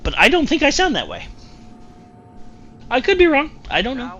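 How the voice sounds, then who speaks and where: A man's voice: extremely high pitch, huge pitch swings, normal speed, sharp tone, lo-fi sound. A man streaming a game and chatting casually, rambling and repeating himself as he talks. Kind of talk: casual gameplay chat.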